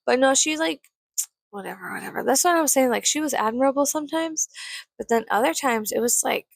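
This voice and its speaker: A woman's voice: high voice, animated, fairly quick, vocal fry, no echo. A tired young woman ranting casually about family, blunt, profane and sarcastic, sometimes muttering asides under her breath. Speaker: vlogger. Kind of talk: casual storytime rant.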